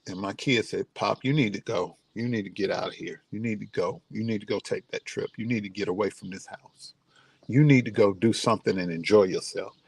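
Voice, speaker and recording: A middle-aged man with a deep, gravelly voice speaks casually as a vlogger. His stories come out heartfelt and grieving, and he ends on warm words of encouragement. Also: fairly quick, dry recording. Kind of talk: casual personal storytelling. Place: outdoors near his home.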